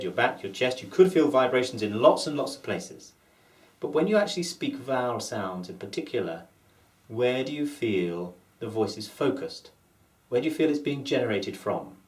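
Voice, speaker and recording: A man with a standard Southern British accent, giving a calm, methodical lesson on voice placement and demonstrating vowel sounds. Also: mid-range voice. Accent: Standard Southern British English. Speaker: voice and accent coach. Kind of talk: instructional lesson. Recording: roomy echo.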